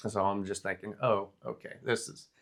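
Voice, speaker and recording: A low-voiced man co-hosts a casual podcast. He tells his story easily and haltingly, with frequent "um"s. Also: steady tone, creaky. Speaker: podcast co-host.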